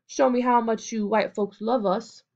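A sneering, swaggering teenage bully , put on by a woman reading aloud. He taunts and mimics in a raised, pushed-up voice that booms out louder than her narration. The sound is a little dull and muffled. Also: fairly even intonation, unhurried. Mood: mocking. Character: swaggering teenage boy gang leader, mocking bully.

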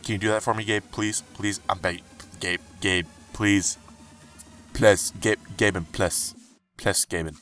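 A young man commenting as he opens game cases, frustrated and pleading, breaking into high outbursts. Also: steady tone, unhurried, a bit bright, soft background music. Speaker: gaming YouTuber. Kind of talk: game case-opening commentary.

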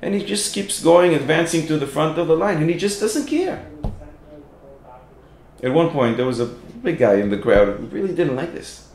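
A man, a rabbi, giving a sermon told through lively stories, acting out the people in them. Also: on the high side, normal speed, reverberant. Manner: animated storyteller, acts out quoted voices. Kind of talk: sermon with storytelling.

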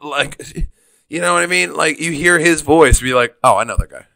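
Brief: enthusiastic man host, very lively pitch swings, bright dry voice. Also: normal speed, gravelly, no echo. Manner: excitable, enthusiastic. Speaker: podcast host. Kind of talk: casual podcast chat.

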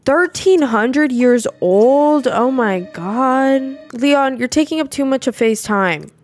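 A woman's voice: high voice, expressive, slow, a little mellow, faint music behind. A young adult woman giving casual gameplay commentary, chatty and exclamatory, swearing and laughing often. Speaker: gameplay video creator.

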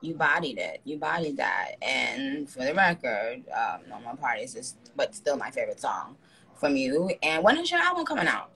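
Woman, live-stream host, gravelly voice, blunt and profane teasing, phone mic. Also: extremely low pitch, big pitch swings, moderate pace, bright, forceful tone. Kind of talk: casual live-stream chat.

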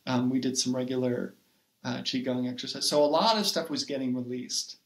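A man in the middle of his range tells a story in a reflective, earnest way, often pausing with "um" and "like." His voice sits in a roomy space with a clear echo around it. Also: mid-range voice, fairly even intonation. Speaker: podcast guest, poet and writing coach. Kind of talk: conversational personal storytelling.

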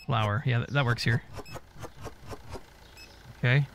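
A man's voice: medium pitch, fairly even intonation, slow, slight background noise. A man giving casual gameplay commentary, muttering to himself as he goes and swearing often. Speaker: gaming YouTuber.

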